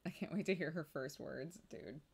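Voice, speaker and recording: A woman's voice: low-pitched, normal speed, slightly rough. A young woman streaming, chatting casually with her audience, laughing often and mimicking babies' cries.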